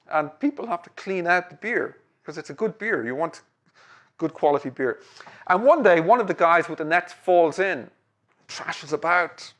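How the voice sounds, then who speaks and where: A man delivers a lecture in a conversational, loose manner. He fills pauses with ums and checks in with tag questions. His voice sits a little on the high side. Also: a bit bright.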